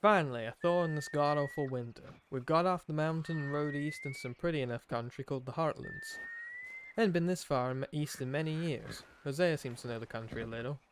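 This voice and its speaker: A man putting on a gruff cowboy drawl to read an outlaw's journal aloud. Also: sits high, huge pitch swings, moderate pace, hardly any pauses, a bit bright, a little hiss or hum, pitched above the performer's own voice, heavily acted. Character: rough male frontier outlaw writing in his journal. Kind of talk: reading aloud in a put-on accent.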